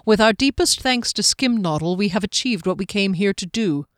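A woman voicing a stern, proud male captain who speaks in clipped, measured sentences. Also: high-pitched, lively intonation, fairly bright tone, dry recording, clean studio sound. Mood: stiff.

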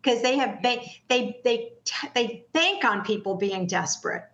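A woman argues her case in an interview, combative and emphatic, firing rhetorical questions one after another. Her voice is bright and a little high. The room around her rings with echo. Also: measured pace, highs cut off. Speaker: patient advocate guest. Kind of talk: heated interview talk.

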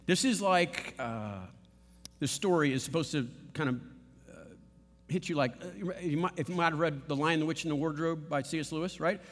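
A man preaching a sermon with a slightly high voice, animated and conversational, throwing rhetorical questions at his listeners. His voice carries a long reverb from a large sanctuary. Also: moderate pace. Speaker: pastor.

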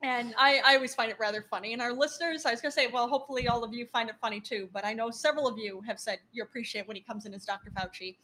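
A woman's voice: fairly high pitch, rapid-fire, hardly any pauses, bright, forceful tone, a little hiss or hum. A woman co-hosting a casual podcast, rambling and laughing often as she reads out listener comments. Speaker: podcast co-host.

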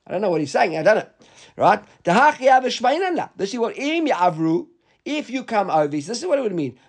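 Man teaching talmud, high voice, reads lines then explains in english. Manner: reads Hebrew and Aramaic text aloud then explains in English.

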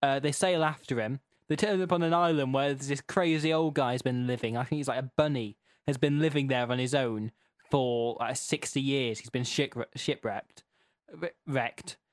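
A man's voice: mid-range voice, fairly even intonation, normal speed, no echo, clean studio sound. A man, co-hosting a comedic chat, recapping with sarcasm and frequent laughter. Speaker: podcast co-host.

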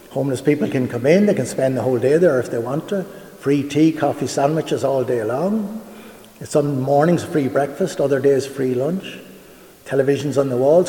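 A man's voice: fairly high pitch, dark tone. A man giving an earnest public talk, telling stories and asking rhetorical questions. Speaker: homeless charity director giving a talk. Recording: echoey hall with long reverb.

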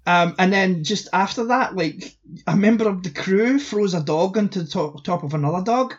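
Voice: mid-range voice, moderate pace, breathy edge, lo-fi sound. A podcast co-host chatting casually about a film, wry and blunt, swearing offhandedly. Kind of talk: casual chat.

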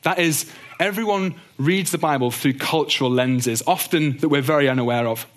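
Bible teacher, male, slightly higher voice, earnest and gentle delivery. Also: normal speed. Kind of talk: teaching talk on doctrine.

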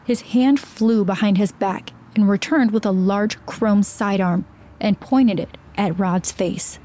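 A woman reading a horror story aloud as narrator, in a steady, measured way. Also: mid-range voice.

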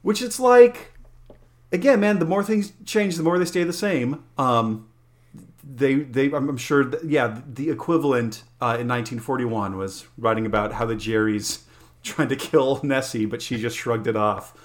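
A man co-hosting a podcast, musing aloud in an animated way with frequent laughter. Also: medium pitch, moderate pace. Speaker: podcast co-host. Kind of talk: casual chat.

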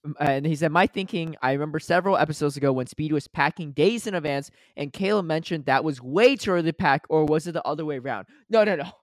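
A man's voice: a little high, quick pace, hardly any pauses, no room sound, clean studio sound. A man co-hosting a casual podcast, reading chat comments aloud and chatting with lots of fillers. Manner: animated, filler-heavy, explains things at length. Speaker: podcast co-host.

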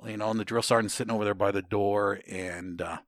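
A middle-aged man telling stories about his Army days in a casual interview, cursing freely and shouting out the drill sergeants' orders. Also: lowish voice, fast talker, no echo, clean studio sound. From Ohio, United States. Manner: profane, animated storytelling, shouts out drill sergeant lines.

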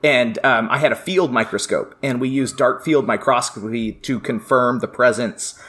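A man's voice: medium pitch, fairly even intonation, normal speed, fairly bright tone. A middle-aged man, a professor and guest, telling stories in casual podcast chat and laughing often. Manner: chatty storyteller, laughs often.

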